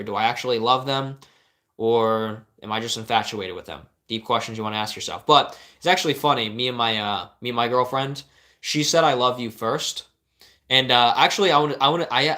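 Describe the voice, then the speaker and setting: A man's voice: medium pitch, pushed and bright. Earnest rambling young man giving advice. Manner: earnest, rambling, with many restarts and fillers. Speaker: life coach answering live viewer questions. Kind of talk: casual live-stream advice.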